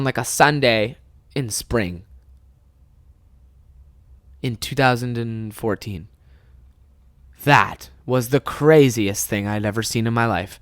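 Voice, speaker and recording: A man's voice: medium pitch, dry recording. Dry-miked young man telling a story. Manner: animated, swearing, laughing at own stories. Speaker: comedy podcast host. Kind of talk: solo comedic storytelling.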